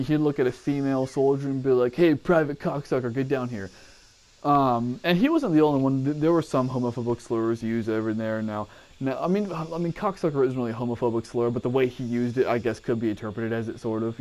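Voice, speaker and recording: A man's voice: medium pitch, darkish tone. A man casually recounting his army training days, swearing freely and wandering off on tangents. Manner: profane, digressive, rambling. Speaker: army veteran telling training stories. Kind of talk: casual storytelling to camera.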